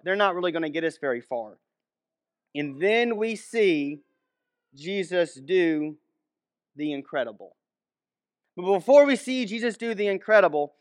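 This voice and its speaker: A man's voice: high-pitched, no echo, studio quality. A young man, a minister, giving a casual, conversational Bible teaching with many restarts and asides.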